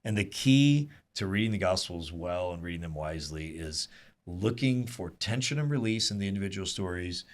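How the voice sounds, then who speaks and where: Lively low-voiced male Bible teacher. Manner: animated, quick asides and rhetorical "right?". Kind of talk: conversational teaching to a small group.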